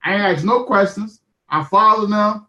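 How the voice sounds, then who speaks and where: A man's voice: high voice, normal speed, bright, forceful tone, lo-fi sound. A young adult man telling his marketing story in an emphatic, repetitive, motivational way on a live call. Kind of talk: animated talk on a live call.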